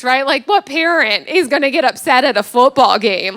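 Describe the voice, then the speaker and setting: Preaching at a moderate pace, this woman in her thirties has a high voice. She's a pastor sharing a humorous story from her own life, voicing the other characters' lines and laughing at her own expense.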